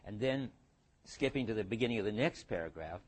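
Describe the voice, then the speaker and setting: Older man lecturing, halting and musing. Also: on the low side, animated, darkish tone. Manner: halting, restarts and thinks aloud. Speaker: philosophy lecturer. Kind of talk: university lecture.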